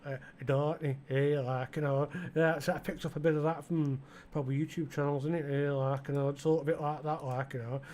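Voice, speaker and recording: A man's voice: a little high, level tone, fairly quick, hardly any pauses, darkish tone. A middle-aged man with an East Midlands English accent, rambling casually with lots of fillers as he plays and chats to the game's customers. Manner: rambling, chatty, full of fillers, talks to game customers. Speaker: gaming channel host. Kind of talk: casual let's-play commentary.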